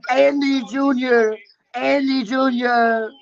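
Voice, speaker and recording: High-voiced mocking young man. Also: fairly even intonation, slow, creaky. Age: 20s. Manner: taunting, mocking, grandiose. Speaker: voice chat participant. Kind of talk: heated online voice chat. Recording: muffled lo-fi voice chat audio.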